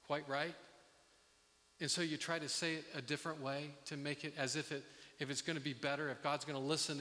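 A middle-aged man preaching a sermon as pastor, earnest and halting, with many restarts. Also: fairly high pitch, bright, forceful tone. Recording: long reverb of a hall.

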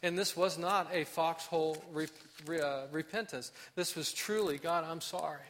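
A man preaching a sermon as a pastor, acting out heartfelt prayers and dropping to soft, slow emphasis on key points. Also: on the high side, a little hiss or hum.

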